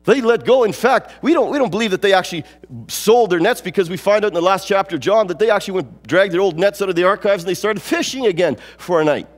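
High-voiced man preaching in a hall. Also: fast. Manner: emphatic, repeats phrases, rises and falls in pitch. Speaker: pastor. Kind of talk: sermon. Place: church sanctuary.

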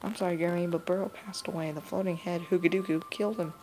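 A woman's voice: lowish voice, fairly even intonation, fast talker, natural voice. A woman reading as a plain game hero. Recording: noisy home recording.

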